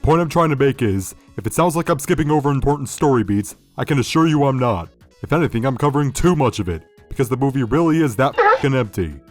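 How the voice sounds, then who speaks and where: A man's voice: mid-range voice, expressive, quick pace, faint music behind. A man hosting a critical video review, sardonic and profane. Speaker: video essay host.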